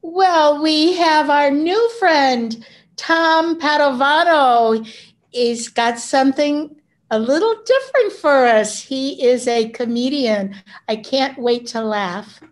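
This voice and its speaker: High-voiced woman hosting an open mic. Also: slow. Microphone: video call.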